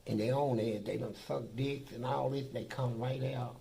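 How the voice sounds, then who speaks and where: A man's voice: medium pitch, steady tone, normal speed, gravelly, warm tone, rough recording. An older man, a former prisoner, telling blunt, profane stories in a documentary interview. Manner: blunt, profane, boastful storytelling.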